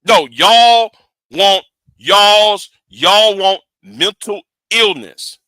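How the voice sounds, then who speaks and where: Intense, bright-voiced man ranting on stream. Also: sits high, lively intonation, drawn-out words, smooth, no echo. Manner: emphatic, profane, repeats words when worked up. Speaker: livestream host. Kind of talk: heated livestream commentary.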